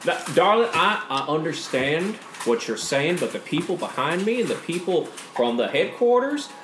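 A man's voice: fairly high pitch, big pitch swings, a bit bright, pitched above the performer's own voice. A game master playing a smug, condescending male official who talks down to people. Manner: patronizing, drawn-out. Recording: roomy, background noise.

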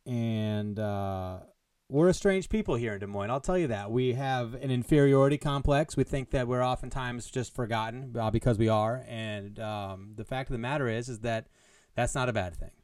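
A man hosts his solo comedy podcast, rambling from one bit to the next in a joking, mock-grandiose tone. His voice sounds smooth and clear. The recording is close and dry, with no room sound. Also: mid-range voice, normal speed, a little mellow, no echo. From American Midwest. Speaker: podcast host. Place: Des Moines. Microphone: headphones on, home podcast mic.

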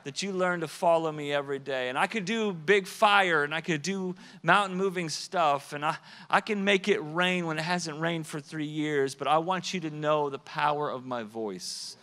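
A male pastor delivering a sermon with a fairly high voice. He preaches emphatically, slowing down and speeding up for effect, and repeats words as he builds to a point. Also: bright, forceful tone. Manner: emphatic, varies pace and volume for effect.

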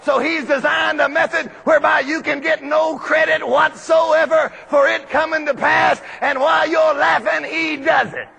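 High-voiced, shouting man preaching in a hall. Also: steady tone, normal speed, creaky, hardly any pauses, some chatter behind. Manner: shouting emphatic preaching, often breaking into laughter. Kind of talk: sermon. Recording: long reverb of a large hall.

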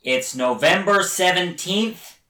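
A man doing an impression of a male film director, slowly reading a weather report in a deadpan, drawn-out voice. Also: full character voice. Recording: roomy, distant low-quality recording.

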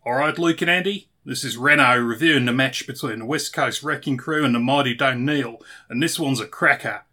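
A man putting on a loud, chummy Australian accent as a cheerful wrestling reviewer. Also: medium pitch, a little fast. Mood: cheery, loud. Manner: loud and chummy, slangy sign-off.

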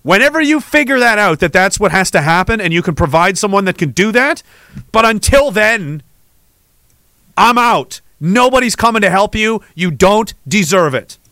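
A man ranting on his podcast. His voice sits high and sounds bright and sharp. He is angry, sarcastic and swears freely, and the sound is dry and close. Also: expressive, moderate pace, no room sound. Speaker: podcast host.

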